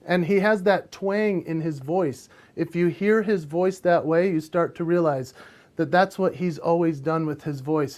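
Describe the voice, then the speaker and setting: High-voiced animated male entertainer. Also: a little slow. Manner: animated storyteller, bursts into sung bits. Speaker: guest, impressionist. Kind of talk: casual interview chat.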